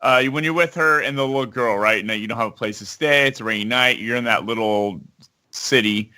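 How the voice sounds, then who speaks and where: A man's voice: medium pitch, brisk, pushed and bright. A man on a casual gaming podcast, walking step by step through the choices he made in a game. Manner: walks through events step by step.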